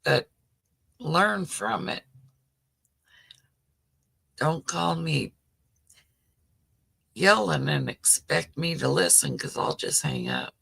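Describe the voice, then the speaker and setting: A woman's voice: deep voice, sing-song, slow pace, creaky, pauses often, a bit bright, husky. A middle-aged woman hosting a casual livestream chat, rambling with lots of "you know" as she answers viewer comments. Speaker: livestream host.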